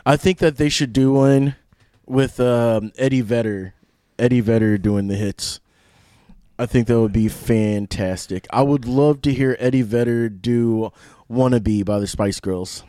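A man's voice: medium pitch, a little slow, dark tone, smooth, dry recording. A man hosting a radio show from a studio mic, chatting loosely and rambling through half-finished sentences. He laughs easily and sounds a bit loopy. The sound is close and dry, with no room around it. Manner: self-described mildly loopy. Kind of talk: casual radio chat. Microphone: studio microphone.

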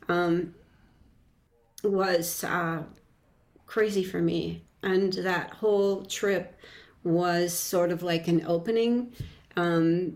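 Woman guest, low voice, halting reflective storyteller, casual interview. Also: darkish tone. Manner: halting, many restarts and fillers, reflective.

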